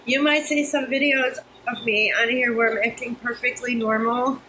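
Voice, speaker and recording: A woman in her fifties, overheated and flustered, vents into a phone camera held close. Her voice is bright and sits a little high, frank and exasperated, with swearing sprinkled through. A faint hiss runs under the recording. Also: fairly even intonation, moderate pace, poor audio. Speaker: vlogger. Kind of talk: venting to camera.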